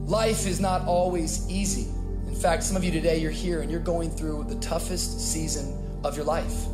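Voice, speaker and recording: A preacher delivering a sermon in a declarative, exhorting way. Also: mid-range voice. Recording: echoey hall with loud music behind.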